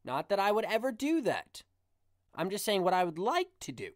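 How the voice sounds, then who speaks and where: A man hosting his own podcast, ranting in a casual, exasperated and animated way. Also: high-pitched, normal speed, no room sound, studio quality. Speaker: podcast host.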